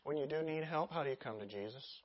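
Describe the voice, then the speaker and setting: A pastor preaching in an animated, chatty way, with many asides and rhetorical questions to the congregation. The voice sits mid-range. The recording sounds slightly dull and lo-fi. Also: mid-range voice, fast. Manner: animated, conversational, acts out scenes. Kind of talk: sermon.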